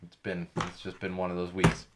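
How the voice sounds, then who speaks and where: A middle-aged man hosting a casual solo podcast from a studio, rambling and correcting himself as he goes, his voice a bit worn and going hoarse. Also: low voice, completely flat delivery, normal speed, very noisy. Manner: rambling, chatty, self-correcting asides. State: losing his voice. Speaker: podcast host.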